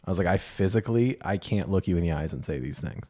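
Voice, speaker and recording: A man's voice: deep voice, animated, quick pace, dark tone. A man co-hosting a podcast, telling a story in casual chat, wry and laughing often, swearing freely. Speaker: podcast co-host.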